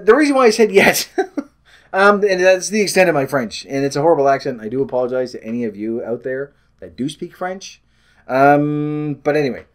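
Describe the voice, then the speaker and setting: A man from Canada, chatting in a rambling, self-deprecating way on a weight loss vlog and often losing his train of thought. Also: medium pitch.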